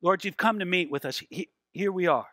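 Animated high-voiced male preacher. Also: no echo. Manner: animated preaching with acted quotes, dramatic slowdowns. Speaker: pastor. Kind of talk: sermon.

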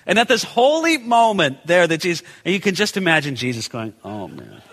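A man's voice: high-pitched, fairly quick, big-room sound. A male pastor preaching a conversational sermon, asking rhetorical questions and acting out the people in the passage. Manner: animated, acts out the people in the story. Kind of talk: expository sermon.

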